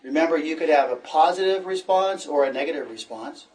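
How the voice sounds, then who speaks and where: A man teaches a recorded English lesson, modeling replies and repeating phrases slowly. His voice sits a little high and is picked up from a short distance away from the mic. His tone stays encouraging throughout. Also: darkish tone.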